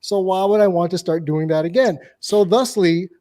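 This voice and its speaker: A man hosting a casual podcast chat as a dating coach, blunt and opinionated, telling stories with animated asides. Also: high-pitched, moderate pace.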